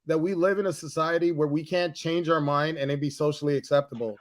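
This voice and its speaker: A man's voice: fairly high pitch, fairly even intonation, quick pace. A man, a comedian guest, talking candidly and profanely in a casual chat. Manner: candid, profane, bursts into laughter. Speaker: guest, comic writer and comedian.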